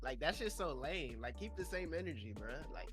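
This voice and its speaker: A young man chatting casually on a podcast, animated and full of slang. His voice is bright and fairly high, and faint music sits behind him. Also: normal speed. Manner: animated, slangy, mocking imitations. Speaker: podcast co-host. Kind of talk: casual chat.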